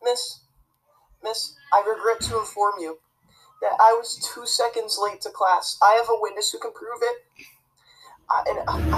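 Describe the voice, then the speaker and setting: A woman's voice: medium pitch, fairly bright tone, husky, poor audio. A woman acting a prissy, rule-obsessed teacher's pet student in a comedy sketch, tattling and preaching about the rules. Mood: panicked, groveling. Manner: tattling, self-righteous and preachy.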